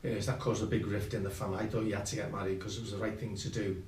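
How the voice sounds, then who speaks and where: A man's voice: fairly low pitch, flat delivery, very fast, a little mellow, a little hiss or hum. Older scouse guy rambling thru a funny old story, sounds roomy and a bit far from the mic. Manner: rambling anecdotal, self-mocking, with colloquial slang. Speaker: guest musician.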